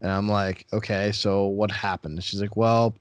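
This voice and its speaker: A man with a low, dry-sounding voice talks casually on a podcast, recounting a story about a caller. He gets animated and his pitch jumps up when he gets worked up. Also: moderate pace, dry recording. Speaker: podcast host, real estate broker.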